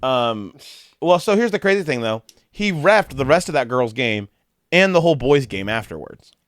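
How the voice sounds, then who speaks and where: A man co-hosting a casual podcast chat, retelling video clips in a lively play-by-play way. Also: medium pitch, normal speed, no echo. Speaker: podcast co-host.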